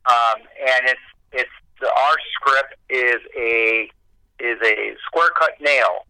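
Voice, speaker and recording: A man's voice: medium pitch, fairly even intonation, slow pace, pushed and bright, clean tone, no echo. A man calling in by phone to talk about a pilgrimage he organizes, hesitant and full of restarts. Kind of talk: phone interview. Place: long-distance phone call. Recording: tinny phone line.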